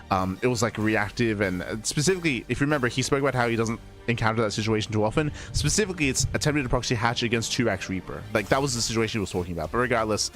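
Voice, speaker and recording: Hoarse man casting an esports stream. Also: medium pitch, fairly bright tone. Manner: rambling, self-correcting, apologetic. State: hoarse, recovering from voice loss. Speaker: esports caster. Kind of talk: casual stream wrap-up.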